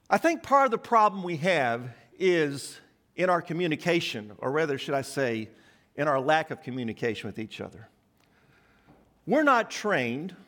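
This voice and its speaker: Guy preaching a sermon, higher voice, swings up and down a lot, drops way low on questions. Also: fairly bright tone. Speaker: pastor.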